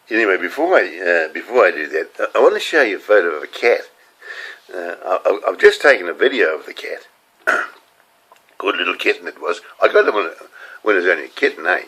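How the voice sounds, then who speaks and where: An older man with a New Zealand accent, hosting a home video, rambles through casual stories to the camera, chatty and digressive, laughing at his own tales. His voice sits fairly low in pitch, pushed and bright with a breathy edge, on a rough recording.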